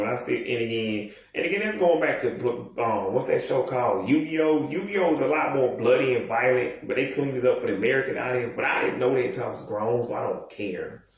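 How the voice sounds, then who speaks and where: A man in his thirties rambling casually and profanely, with many restarts and asides. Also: mid-range voice. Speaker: video commentator. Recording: very echoey room, mic far off.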